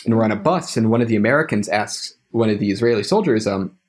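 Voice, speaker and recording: A young adult man, a podcast guest, tells a casual story with hesitation, repeatedly restarting and letting his words trail away. He talks fast in a lowish voice with a breathy edge.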